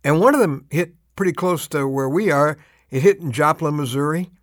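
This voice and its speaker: Older man, earnest devotional talk, slightly higher voice, dry close sound, slows down for emphasis. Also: dry recording. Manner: earnest and emphatic, slowing for urgent appeals. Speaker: radio devotional speaker. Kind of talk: short radio devotional.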